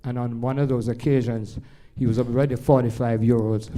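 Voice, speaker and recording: A man's voice: medium pitch, fairly quick. An older man with a Jamaican accent, a jazz pianist telling rambling stories to a live audience, full of restarts. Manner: rambling, animated anecdotes with many restarts. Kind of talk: stage storytelling to a live audience.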